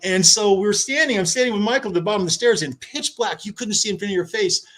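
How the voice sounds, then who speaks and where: A man with a slightly raised voice spins a long story in casual chat, bouncing between loud excitement and hushed asides. He acts out what others said and talks over a video call. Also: high-pitched, fast. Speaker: podcast guest.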